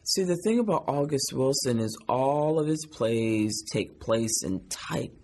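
A man answering interview questions in a measured, thoughtful way. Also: mid-range voice, expressive, a little mellow. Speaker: actor being interviewed.

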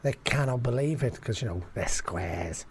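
A man's voice: medium pitch, lively intonation, moderate pace, slight background noise. A man co-hosting a comedy podcast, telling stories in a casual chat, laughing often and swearing freely. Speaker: podcast co-host.

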